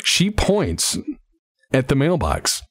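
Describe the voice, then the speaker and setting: Lively man narrating as game master. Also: medium pitch, slow. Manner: casual, laughing narration with fillers.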